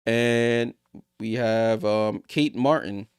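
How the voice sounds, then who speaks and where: A man streaming a live basketball watchalong, calling the play-by-play and chatting to his viewers, getting louder and higher on big plays. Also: extremely slow, smooth, dry recording, clean studio sound.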